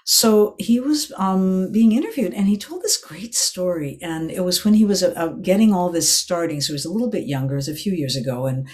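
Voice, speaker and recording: A woman's voice: lowish voice, animated, brisk, few pauses, a little mellow. Older woman giving a meandering dharma talk. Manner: meandering storytelling, restarts and self-corrections. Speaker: meditation teacher. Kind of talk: evening dharma talk to a meditation group.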